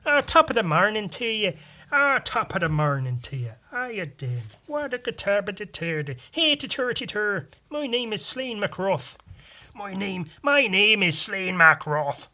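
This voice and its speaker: A man's voice: high-pitched, sing-song, measured pace, pushed and bright, pitched above the performer's own voice, heavily acted. A swaggering Irish warrior who boasts about violence, put on by a man. The mock Irish accent is broad and sing-song, and it sits well above his normal voice. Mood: hammy. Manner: exaggerated, sing-song stereotype.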